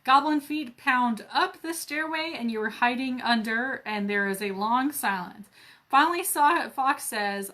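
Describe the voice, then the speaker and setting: A woman's voice: a little high, a little slow, sharp tone. A woman reading a children's adventure book aloud at a library, breaking off for playful, joking asides. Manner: playful asides, laughs at herself. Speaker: library storyteller.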